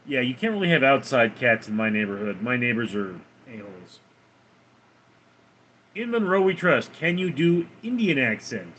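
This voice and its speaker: A man's voice: mid-range voice, very animated, moderate pace, a bit bright, dull audio, a little hiss or hum. A man live-streaming from home with his cats, reading viewer comments aloud and answering them offhandedly. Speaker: livestreamer reading chat. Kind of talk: casual live-stream chat.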